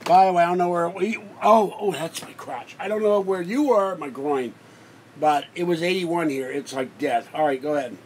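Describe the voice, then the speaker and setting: A man's voice: on the high side, moderate pace, darkish tone, a little hiss or hum, rough recording. A man hosting a casual livestream from home, rambling and complaining as he talks over his guest. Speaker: livestream host. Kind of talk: casual live-stream chat.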